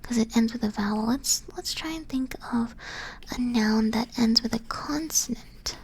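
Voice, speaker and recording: A woman whispering softly in an ASMR stream, patiently teaching and correcting herself as she goes. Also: fairly high pitch, normal speed, slightly rough, poor audio. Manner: soft unvoiced whisper, patient, self-correcting. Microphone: close ASMR microphone.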